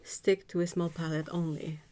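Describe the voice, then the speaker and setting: A woman's voice: deep voice, steady tone, moderate pace, dark tone. French Canadian woman, French native, casual painting-stream host, giggly and chatty. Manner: giggly, laughs often between sentences. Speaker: art livestream host. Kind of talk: casual livestream chat while painting.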